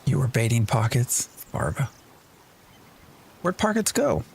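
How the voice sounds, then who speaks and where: A man's voice: mid-range voice, very animated, a little slow, creaky, a little hiss or hum. A man streaming a game live, chatting and thinking aloud as he plays and answering his chat. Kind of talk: live gameplay commentary.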